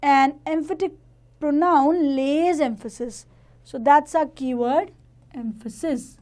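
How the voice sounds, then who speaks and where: Slow, high-voiced woman teaching grammar. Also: a little mellow. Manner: slow, careful explaining to children. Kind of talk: grammar lesson for children.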